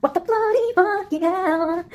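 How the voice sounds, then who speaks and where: A woman's voice: high voice, a bit bright, a little hiss or hum, full character voice. A woman voicing an unhinged female villain who taunts and goads a giant, swearing and breaking into singsong. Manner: erratic, swearing, singsong outbursts.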